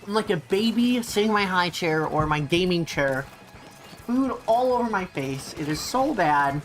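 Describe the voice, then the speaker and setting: Young woman, livestream gamer, low-pitched, casual chatter, giggly, desk mic, faint music behind. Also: expressive, moderate pace. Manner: chatty, giggly, eats while talking. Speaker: streamer. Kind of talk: casual livestream chat while gaming. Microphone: desk mic, no face cam.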